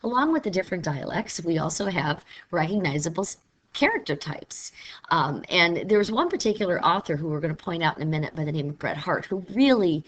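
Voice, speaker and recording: Woman teacher from missouri, kinda low voice, chatty lecture, throws in little accent imitations. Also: lively intonation, fairly quick. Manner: conversational, playfully mimics regional speech. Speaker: literature teacher. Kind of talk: recorded classroom lecture.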